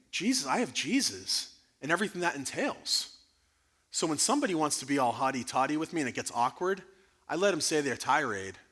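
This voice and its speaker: A man speaking as guest speaker at a church conference, answering audience questions in an earnest, animated way. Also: mid-range voice, husky. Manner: earnest, animated, rising to emphatic bursts. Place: church sanctuary.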